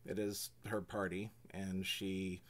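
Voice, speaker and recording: A man's voice: low voice, flat delivery, slow pace. A man in a tabletop role-play, talking persuasively and casually, swearing freely. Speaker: player.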